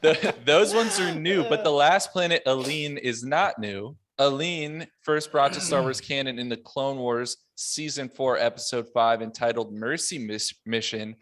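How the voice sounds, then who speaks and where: A man hosting a casual podcast roundtable, running briskly through notes and laughing often. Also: medium pitch, a bit bright. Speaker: podcast host.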